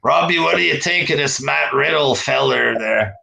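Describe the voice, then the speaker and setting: A man's voice: mid-range voice, moderate pace, creaky, sharp tone, rough recording. A man hosting a casual wrestling review podcast, talking bluntly with swearing. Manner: blunt, profane, drawling. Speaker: podcast host.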